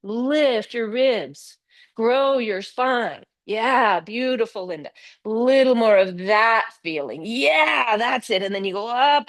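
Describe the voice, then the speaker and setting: An older woman leads a live yoga class, her voice a touch high and recorded close and dry. She gives step-by-step cues and keeps encouraging her students by name. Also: slow pace, no echo. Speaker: yoga teacher. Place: yoga studio.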